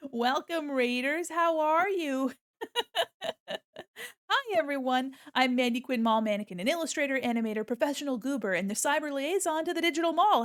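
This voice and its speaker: A young woman streaming as an illustrator, chatting casually with bubbly, giggly greetings to her viewers. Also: sits high. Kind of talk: casual livestream chat.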